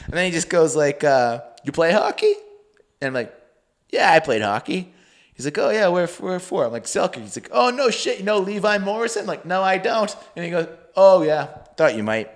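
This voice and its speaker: A young man from Canada co-hosting a podcast, telling a story in a loose, swearing, animated way and acting out the voices of people he quotes. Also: high voice, normal speed. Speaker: podcast co-host. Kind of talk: casual storytelling chat.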